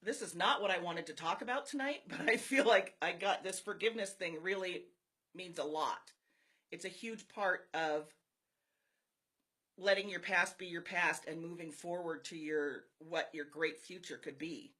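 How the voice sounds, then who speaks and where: A woman's voice: fairly low pitch, moderate pace, bright, forceful tone. A woman talking live to her viewers, telling a personal story in an earnest, confiding way. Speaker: network marketer streaming live to followers.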